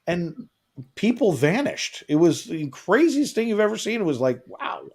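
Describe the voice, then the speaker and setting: Animated man telling stories. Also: sits high, moderate pace. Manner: animated storytelling, acts out quotes. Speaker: co-host of a travel show. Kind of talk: casual livestream chat.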